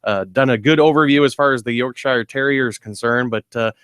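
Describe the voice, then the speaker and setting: Midwestern radio host, mid-pitched, dry close studio sound, relaxed and prompting. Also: male voice, brisk, clear, resonant tone, no room sound. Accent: Midwestern American. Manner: easygoing, prompting questions. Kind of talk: casual radio chat.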